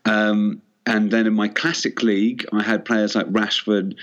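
Low-voiced man on a dull line. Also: level tone, a little slow. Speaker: co-host. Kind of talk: casual radio sports chat.

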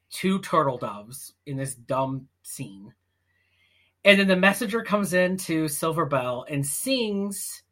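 A woman's voice: deep voice, sharp tone. A woman co-hosting a podcast, recapping a film in blunt, mocking casual chat. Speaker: podcast co-host.

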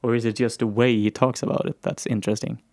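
A man in casual conversation, insistent yet playful and quick to laugh. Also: medium pitch, level tone, vocal fry, darkish tone, no room sound, clean studio sound. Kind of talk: casual chat.

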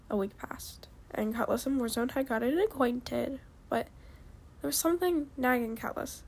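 Woman reading a story, halting delivery. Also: fairly high pitch. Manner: halting, with small restarts. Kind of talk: reading a fan story aloud.

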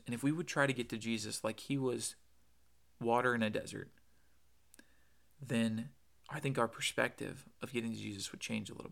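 A man preaching an earnest podcast sermon, with a gravelly edge of vocal fry and a pitch in the middle of the male range. He quotes scripture often and stresses his points by repeating words. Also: fairly bright tone.

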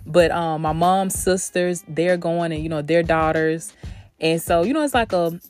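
A woman's voice: lowish voice, normal speed, a little mellow, soft background music. A woman hosting a motivational podcast from a studio, talking emphatically and affectionately to her listeners, calling them baby and honey. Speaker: podcast host. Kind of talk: motivational talk.

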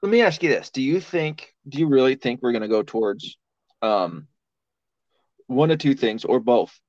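A man's voice: medium pitch, lively intonation, normal speed, darkish tone, no room sound. A man in casual podcast chat, talking in a rambling, profane way and laughing often. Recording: dull lo-fi sound.

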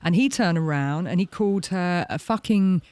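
A man's voice: sits high, moderate pace, clear, resonant tone, no room sound. A man co-hosting a casual podcast, animatedly retelling events from a documentary and acting out the quotes. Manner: animated storyteller, acts out quotes. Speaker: podcast co-host. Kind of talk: casual chat recounting a documentary.

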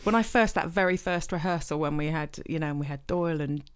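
A middle-aged woman, chatting casually as a podcast co-host, self-deprecating and quick to laugh. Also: deep voice, clean tone. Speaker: podcast co-host, choir leader. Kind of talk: casual chat.

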